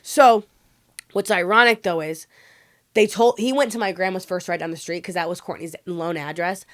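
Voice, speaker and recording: A woman guest on a podcast, telling her story candidly in an emotional, rapid way, full of "like" fillers and swearing. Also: fairly low pitch, fairly bright tone.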